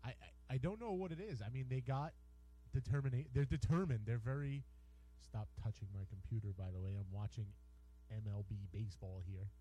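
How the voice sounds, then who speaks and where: Brief: American male co-host, warm mellow tone, halting hockey talk with lots of restarts. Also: mid-range voice, low-quality recording. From United States. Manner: hesitant, repeats words, ribs his partner. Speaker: sports radio co-host. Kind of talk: casual bantering sports talk. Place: radio studio.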